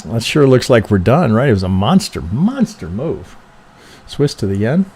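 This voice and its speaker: A man's voice: mid-range voice, sing-song, moderate pace, a little mellow, breathy edge. A man reviewing trading charts on a live stream, thinking aloud casually, swearing freely and checking in with "right?" after nearly every point.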